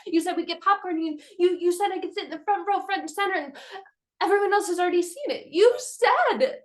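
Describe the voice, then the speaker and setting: Woman putting on a high, eager little kid, begging and pleading over and over. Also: expressive. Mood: upset protesting. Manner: pleading, repeating questions rapidly.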